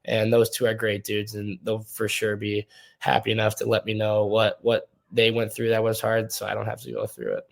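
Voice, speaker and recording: A young man from Minnesota speaks in a low, nearly monotone voice with little rise or fall. He talks easily and at length, stringing his stories together in a relaxed interview manner. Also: normal speed, gravelly. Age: young adult. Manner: easygoing, rambling storytelling. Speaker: hockey player guest. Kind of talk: casual interview.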